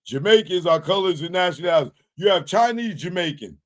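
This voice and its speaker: A man with a somewhat high voice hosts a live commentary stream. He rants hard, swears freely and fires off rhetorical questions at his listeners. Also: expressive, brisk. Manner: profane, heated ranting with rhetorical questions. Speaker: commentary show host. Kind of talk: live current-events commentary.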